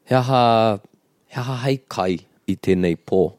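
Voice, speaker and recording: A man co-hosting a language lesson, patiently explaining words and repeating them slowly. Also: lowish voice, darkish tone, dry recording, studio quality. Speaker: language teacher and co-host. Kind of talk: bilingual language lesson chat.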